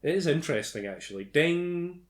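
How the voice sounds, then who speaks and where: A man's voice: medium pitch, big pitch swings, moderate pace. A man hosting a casual movie commentary, reading out trivia with sardonic, sweary mock outrage. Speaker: podcast host reading film trivia.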